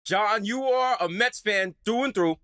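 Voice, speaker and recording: A man's voice: high voice, a little slow, a bit bright, clear, resonant tone, dry recording, studio quality. A man in his thirties from the Bronx, co-hosting a talk show, telling laid-back joking stories. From the Bronx, New York. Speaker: co-host. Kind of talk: casual talk-show banter.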